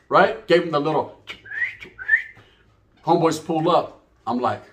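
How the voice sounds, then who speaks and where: A Californian man with a slightly high voice tells a comedic street story, unhurried and pausing often. Out of breath and animated, he acts out every character's voice and uses heavy Chicano slang.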